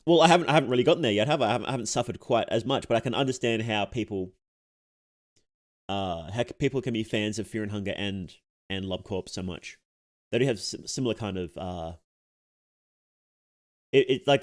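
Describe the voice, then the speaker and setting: A young man streaming as a VTuber, chatting casually with viewers, reading chat aloud, laughing often and restarting his sentences. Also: mid-range voice.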